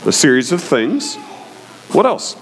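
A man teaching a Bible study in a conversational way, often pausing to ask "okay?" and putting questions to his listeners. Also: fairly high pitch, big pitch swings, a bit bright. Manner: conversational, frequent "okay?" check-ins.

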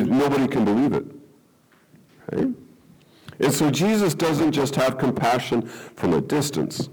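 A man's voice: mid-range voice, poor audio. A man preaching a sermon, explaining a Bible passage and checking in with the listeners with frequent "okay?" and light chuckles. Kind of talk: sermon teaching.

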